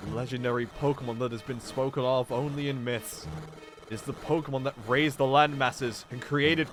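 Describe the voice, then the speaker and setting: A wise psychic leader explains with quiet authority, read by a man in close to his own voice. The tone is bright and steady, a game hero's captain laying out the danger ahead. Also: medium pitch, close to an everyday voice.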